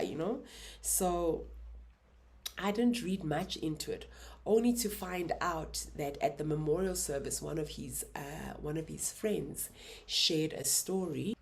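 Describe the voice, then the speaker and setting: South african woman in her 30s, low voice, soft and halting, telling her own story on a vlog. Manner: soft, halting, emotional retelling. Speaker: YouTuber.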